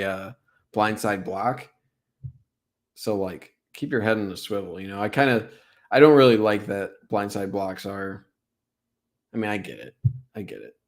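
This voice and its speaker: A young man with a fairly low voice talks through football plays on a casual stream. He gets excited over big hits and packs his talk with "like" and "right?". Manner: excitable, filler-heavy, lots of "like" and "right?". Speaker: sports streamer breaking down game film. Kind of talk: casual live-stream film breakdown.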